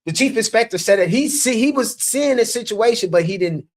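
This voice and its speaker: A man with a Chicago accent, a candidate telling an election-day story on a podcast, animated and acting out the dialogue. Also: high-pitched, fairly quick. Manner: animated, acts out quoted dialogue. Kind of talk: casual storytelling chat.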